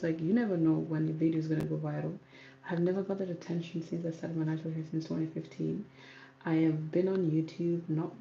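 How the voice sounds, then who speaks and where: A woman from South Sudan, speaking calmly and softly in a casual livestream Q&A as a YouTuber, reading out viewer comments. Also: lowish voice, gravelly, roomy sound, lo-fi sound, a little hiss or hum. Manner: calm, soft-spoken, reads out viewer comments. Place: home room with ring light. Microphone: camera on ring light.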